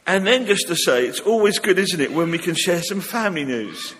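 A man's voice: high voice, expressive, a little fast, a bit bright, slight background noise. A man leading a church service, giving notices in a chatty, informal way with light humor, and reading a psalm. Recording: long reverb of a church hall.

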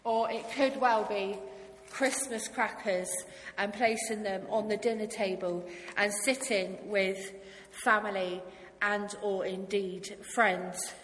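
A woman's voice: medium pitch, fairly even intonation, takes it slowly, a bit bright. Friendly, enthusiastic woman giving a children's talk. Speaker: church youth speaker. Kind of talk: children's talk in a church service. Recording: hall reverb with faint noise.

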